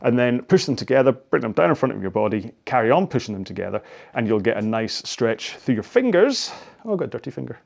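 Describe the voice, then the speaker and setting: A man's voice: mid-range voice, big pitch swings, fast talker, vocal fry. Chatty man coaching stretches. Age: 40s. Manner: chatty and self-mocking, rambling into asides. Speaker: rowing coach. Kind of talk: follow-along stretching instruction.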